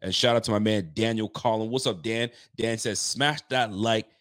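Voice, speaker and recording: A man's voice: fairly low pitch, steady tone, fairly quick, fairly bright tone, no room sound, clean studio sound. A man hosting a casual live-stream football talk show, chatty and repeating phrases for emphasis. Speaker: sports talk show host.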